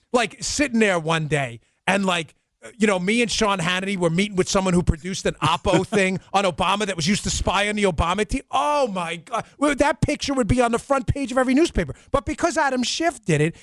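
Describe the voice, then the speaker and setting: New york guy hosting a talk show, animated and sarcastic, dry studio mic. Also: high-pitched, no room sound. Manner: animated, sarcastic, rapid asides. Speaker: host. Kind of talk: political talk show banter.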